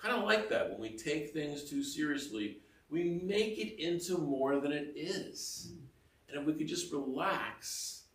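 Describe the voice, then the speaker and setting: A man's voice: medium pitch, vocal fry, a bit bright. Middle-aged male homilist, loose and self-mocking, a little off-mic in a roomy church. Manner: chatty, self-mocking, full of asides and laughter. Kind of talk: conversational homily. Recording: roomy echo, mic heard from a distance.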